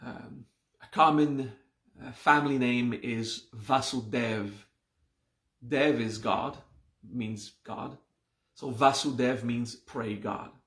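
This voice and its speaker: Slow, patient man teaching in a roomy echo. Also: medium pitch, a bit bright. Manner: slow, patient explaining with frequent "okay?" checks. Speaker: meditation and mantra teacher. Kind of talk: live online class explanation.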